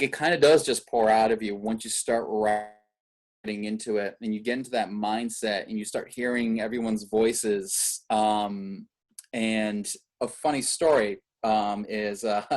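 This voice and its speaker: Rambling man telling filmmaking stories. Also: medium pitch. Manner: rambling, many filler "like"s and restarts. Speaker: filmmaker guest. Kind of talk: casual interview chat.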